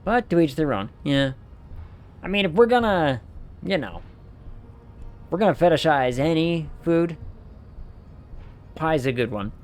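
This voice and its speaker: A man's voice: a little high, lively intonation, a little slow, long pauses, soft background music. A man streaming a game, riffing with playful mock outrage and rambling enthusiasm. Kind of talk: casual gameplay commentary.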